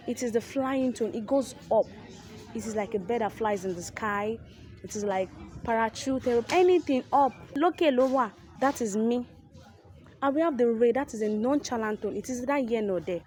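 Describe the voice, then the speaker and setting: A woman explaining Yoruba tone marks in a casual lesson, animated and repetitive, with Yoruba asides. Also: fairly high pitch. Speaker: language teacher.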